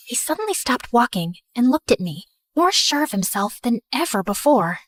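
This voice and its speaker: A woman tells an animated first-person story with expressive narration. Her voice is fairly high and swoops lively through its range. The recording is dry and close. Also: normal speed, few pauses, dry recording.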